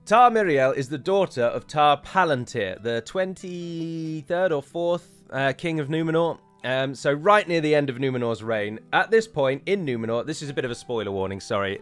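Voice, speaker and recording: A man's voice: on the high side, animated, normal speed, a bit bright, soft background music. A man, chatting casually and with opinions as he reviews a trailer for his viewers, with frequent fillers and self-corrections.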